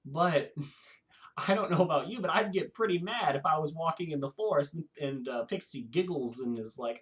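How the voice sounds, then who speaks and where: A man hosting his own video, talking casually to camera in a rambling, animated way and laughing often. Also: on the high side, moderate pace. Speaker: video host.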